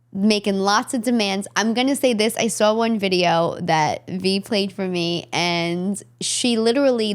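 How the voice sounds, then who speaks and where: Brash New York woman podcaster. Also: fairly low pitch. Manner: brash, chatty, emphatic. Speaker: podcast host. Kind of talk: casual chat.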